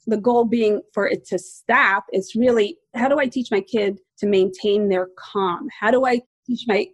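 A woman's voice: medium pitch, normal speed, no room sound. A woman in her forties, a parenting expert guest, explaining practical advice in a reassuring, explanatory way. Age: 40s. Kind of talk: interview advice.

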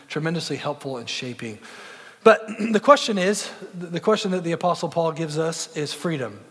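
A young man preaches a sermon as a pastor, earnest and conversational, weaving in film references. His medium-pitched voice is a bit bright, and a long hall reverb trails the recording.

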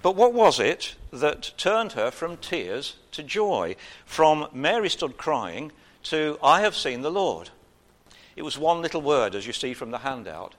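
A man preaching an informal sermon in a conversational way, with frequent pauses and gentle humor. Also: on the high side, big pitch swings.

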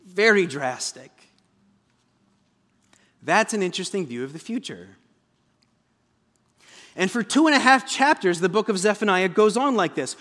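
A man preaching a sermon as pastor, conversational, breaking into booming dramatic quotations. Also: animated, measured pace, long pauses, fairly bright tone. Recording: long hall reverb.

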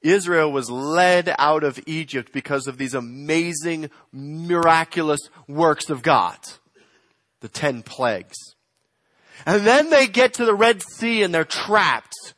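A man preaching a sermon, swinging between loud emphatic lines and quiet, slowed phrases. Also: fairly high pitch, animated, dry recording, clean studio sound. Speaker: pastor.

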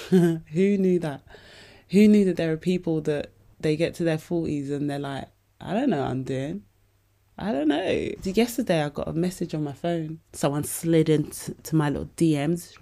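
A podcast host speaks in a low, dark voice at a normal pace, her intonation fairly even. She hands out candid, casual advice, swearing freely and calling her listeners "babes."

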